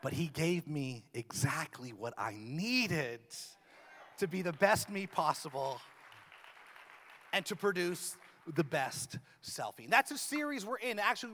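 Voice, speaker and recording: A man's voice: high-pitched, a bit bright. A man in his thirties, a pastor, preaching a sermon in a church with a humorous, self-deprecating manner. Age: 30s. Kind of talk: sermon with opening prayer. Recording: long reverb of a large church hall.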